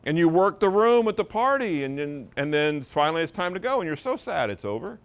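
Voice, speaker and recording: A man's voice: fairly high pitch, big pitch swings, fairly quick, clean tone. A man giving a live seminar presentation to real estate agents, talking in an emphatic, conversational way and leaning on his intonation to drive points home.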